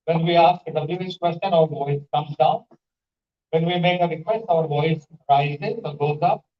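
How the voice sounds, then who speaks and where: At a big conference hall, a male panelist teaches English pronunciation in a classroom-style lecture, acting out sample sentences and quizzing the audience. His voice is fairly high and his speed normal. The hall echoes, and the mic sounds distant and dull.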